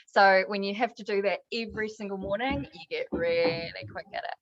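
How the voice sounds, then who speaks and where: A woman's voice: medium pitch, brisk. A woman, a newsreader and TV presenter, chatting as a guest and telling stories with easy laughter. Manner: chatty storyteller, laughs easily. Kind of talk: casual chat. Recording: dull, dry lo-fi sound.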